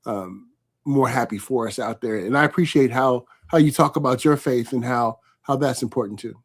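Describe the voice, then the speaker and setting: A man from California hosting a live online interview, chatting warmly and reading out viewer comments as he goes. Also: medium pitch, moderate pace, breathy edge. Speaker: host.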